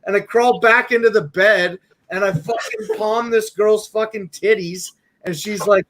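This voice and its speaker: A young man with a high voice rambles through crude stories, swearing constantly. A faint hiss sits under his voice. He talks loose and casual, like an unscripted chat. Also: steady tone, normal speed, fairly bright tone, low-quality recording. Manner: profane, rambling storyteller. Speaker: podcast co-host.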